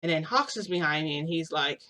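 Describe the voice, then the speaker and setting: A woman's voice: deep voice, fairly quick, sharp tone. A young woman vlogger telling a long personal story in a casual, rambling way, full of "like" and restarts. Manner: rambling, heavy use of "like", frequent restarts.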